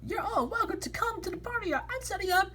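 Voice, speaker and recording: Friendly storybook hostess, high soft voice; a woman reader plays her. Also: expressive, quick pace, exaggerated voice. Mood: inviting. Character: kind female party host, inviting and friendly.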